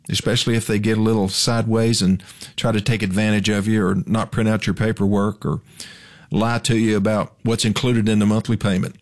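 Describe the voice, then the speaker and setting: Folksy Southern man hosting a car show. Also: lowish voice. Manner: folksy, wry, chatty. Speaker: radio car advice show host. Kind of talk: casual radio monologue.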